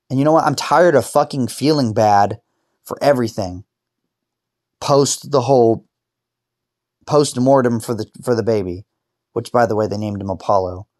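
A man lying in bed telling a painful personal story, halting and restarting, swearing and rising into angry outbursts. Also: medium pitch, darkish tone, no room sound, clean studio sound.

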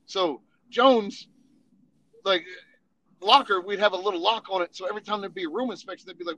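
Bright-voiced man telling army stories. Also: high-pitched, expressive, brisk, vocal fry, low-quality recording. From Tennessee. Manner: profane, laughing, acts out voices in quotes. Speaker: army veteran storyteller. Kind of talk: casual storytelling.

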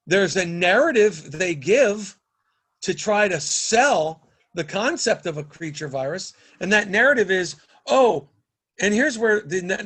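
A man's voice: high-pitched, fairly bright tone. A man, a podcast guest, talking in a casual conversational way, emphatic and repetitive as he builds his argument step by step.

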